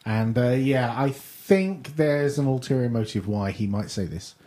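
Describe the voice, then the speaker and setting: A man's voice: mid-range voice, animated, a little slow, dark tone. A man co-hosting a tech podcast, explaining command-line tips and laughing often. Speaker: podcast co-host. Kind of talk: casual tech podcast banter.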